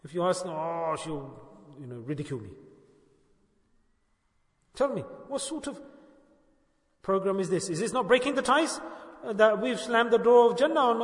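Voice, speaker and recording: A man's voice: high voice, a bit bright. An older man, a shaykh leading a dhikr gathering, giving an informal sermon and keeps putting questions to his listeners with light humor. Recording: echoey hall with long reverb.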